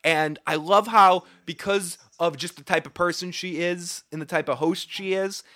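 A man's voice: high-pitched, fairly even intonation, moderate pace, sharp tone, dry recording. Profane rambling man with Boston accent. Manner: profane, rambling, laughs often. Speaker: livestream show host. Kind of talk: casual live recap chat.

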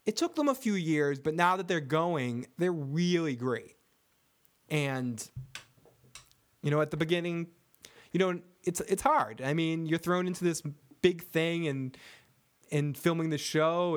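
A man hosting a casual TV recap show, joking and swearing as he rambles and reads chat comments. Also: fairly high pitch. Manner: profane, joking, rambling with frequent laughs. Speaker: podcast host reading chat comments.

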